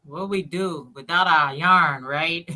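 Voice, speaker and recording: A woman's voice: sits low, takes it slowly, noisy background. A woman chiming in from off-mic on a livestream with brief agreeing remarks.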